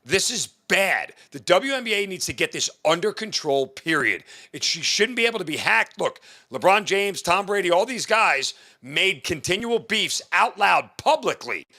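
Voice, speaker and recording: A man's voice: sits high, big pitch swings, moderate pace, hardly any pauses, bright, forceful tone. A man on a sports talk show, ranting emphatically and indignantly about a league's failures.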